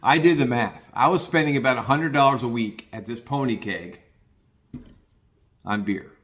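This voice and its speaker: A man's voice: medium pitch, normal speed, a bit bright. An older man from the Cincinnati area of the US, talking casually and plainly in a rambling podcast monologue, with frequent restarts and the odd curse.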